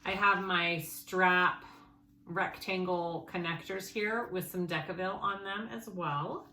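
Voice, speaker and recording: A bright-voiced woman walks through a sewing project in an easygoing, chatty way, thinking aloud and correcting herself as she checks her pieces. Her voice carries a noticeable room echo, with a faint hiss of noise behind it. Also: lowish voice, fairly even intonation, takes it slowly. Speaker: sewing tutorial host. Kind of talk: casual sewing tutorial.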